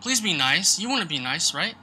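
Jumpy, high, animated man playing a horror game. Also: fairly quick, a little hiss or hum. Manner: jumpy, exclaims and swears at scares. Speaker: let's play host. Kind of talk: live gameplay commentary.

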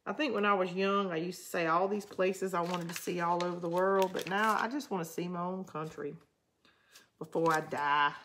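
This craft-channel host talks in a Southern US drawl, pitched fairly low with fairly even intonation, normal speed, and a fairly bright tone. She rambles chattily through a casual live crafting session while replying to viewer comments, with slight background noise.

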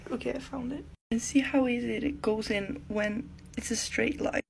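A woman's voice: on the high side, steady tone, moderate pace, gravelly, a little hiss or hum. A young woman crying and frustrated, talking half in whispers and swearing often into a phone held close in a self-filmed vlog.

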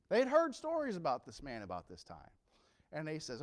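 A male pastor preaching a sermon with impassioned swings from quiet storytelling to loud emphasis. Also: on the high side, very animated, moderate pace.

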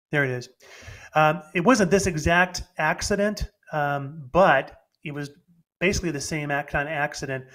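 A middle-aged man talks through an informal sermon online, stopping and restarting his sentences as he goes. His voice sits a little high for a man. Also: a bit bright. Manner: conversational, with fillers and restarts. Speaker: speaker, Christian apologist. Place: home, presenting online with shared screen.

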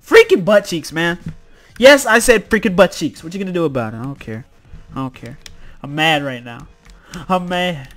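Exasperated high-voiced male gamer. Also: lively intonation, fairly quick, a bit bright, soft background music. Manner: exasperated, exclaiming, self-mocking. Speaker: gaming video host. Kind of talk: let's-play commentary.

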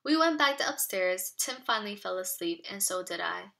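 Bright-voiced teacher reading aloud. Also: female voice, medium pitch, normal speed, gravelly. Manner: expressive storytelling, asks children questions. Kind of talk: children's read-aloud with explanations.

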